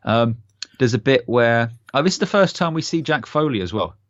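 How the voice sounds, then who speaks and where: A man's voice: mid-range voice, expressive, normal speed, dry recording, lo-fi sound. A young man co-hosting a podcast in casual chat, enthusiastic and rambling with many fillers. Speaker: podcast co-host.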